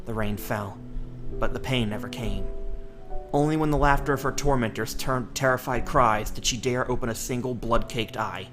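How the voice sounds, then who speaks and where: A man reads a novel aloud in an audiobook style, with steady storytelling. His voice sits at a middle pitch and sounds bright and forward. Soft music plays faintly behind him. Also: normal speed. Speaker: audiobook reader.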